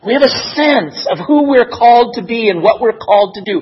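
A man preaching a sermon in an expressive, measured way that builds to emotional emphasis. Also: sits high, husky, muffled recording. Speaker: pastor.

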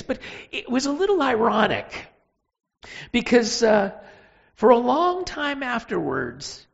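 A preacher giving a sermon, telling a Bible story with emphatic, animated delivery and pauses. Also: mid-range voice, creaky, husky, muffled recording.

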